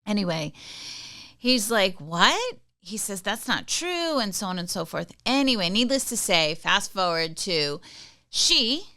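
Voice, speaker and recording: A woman's voice: medium pitch, animated, measured pace, pushed and bright, dry recording, clean studio sound. A middle-aged woman hosting a podcast, chatting casually through personal anecdotes and often checking in with her listeners. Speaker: podcast host. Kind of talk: casual advice monologue.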